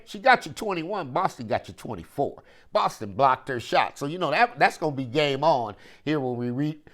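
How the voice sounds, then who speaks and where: Guy hosting his own sports podcast, aave, swoops up and down a lot, preachy and fired up. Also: fairly high pitch. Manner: animated, preachy, repeats phrases, talks straight to listeners. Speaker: podcast host. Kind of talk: solo sports commentary podcast.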